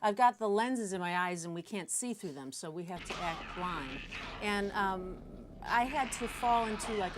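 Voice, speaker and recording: A woman's voice: lowish voice, noisy background. A woman, an actress, recalling a film shoot in a casual, good-humoured way, laughing easily between stories. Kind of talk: casual anecdote telling.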